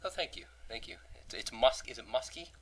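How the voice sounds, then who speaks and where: A young man hosting a casual podcast, hoarse from losing his voice. He rambles, jokes, swears and restarts often. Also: medium pitch, animated, brisk, poor audio. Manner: rambling, profane, joking, many restarts. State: hoarse, lost voice. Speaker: podcast host.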